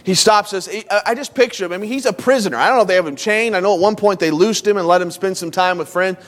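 A man's voice: sits high, quick pace. A man teaching a Bible lesson in a loose, conversational preaching style, stopping to put questions to his listeners. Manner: informal, asks the audience questions.

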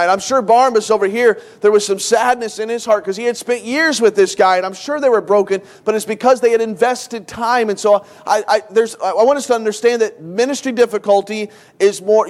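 A middle-aged man, a pastor, preaching a sermon with earnest, emotional storytelling and repeated phrases for emphasis. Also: high-pitched. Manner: emotional storytelling, tearful at times.

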